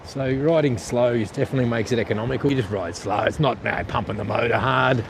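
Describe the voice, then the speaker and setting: An Australian man riding an e-bike along the coast, talking to his live stream in a rambling, blunt way and swearing casually as he goes. His voice sits at an ordinary middle pitch. Outdoor wind and traffic noise runs clearly under him. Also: fast talker. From eastern Australia. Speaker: vlogger.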